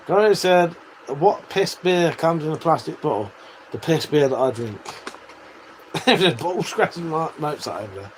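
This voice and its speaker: A man's voice: a little high, a little hiss or hum, low-quality recording. A man hosting a casual livestream, reading out viewer messages and chatting back in a sweary, matey way with frequent laughs. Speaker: livestream host.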